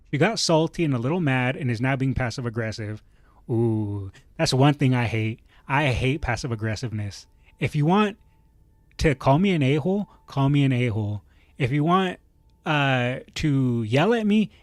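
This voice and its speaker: A man's voice: mid-range voice, dry recording. A man streaming, reading online posts aloud and reacting with opinionated, rambling commentary full of fillers and restarts.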